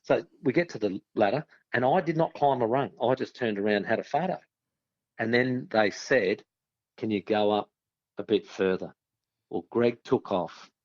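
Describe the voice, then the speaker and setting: An Australian man telling a story with animated relish and frequent laughter. His voice is mid-pitched and comes through a dull, muffled line. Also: moderate pace. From South Australia. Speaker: guest, former sportsman. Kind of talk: casual anecdote telling.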